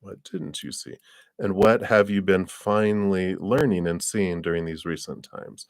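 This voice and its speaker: Slow, deep-voiced man reading tarot cards. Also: no echo, clean studio sound. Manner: unhurried and rambling, with frequent fillers and soft laughs. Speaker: tarot card reader. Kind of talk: live-streamed card reading.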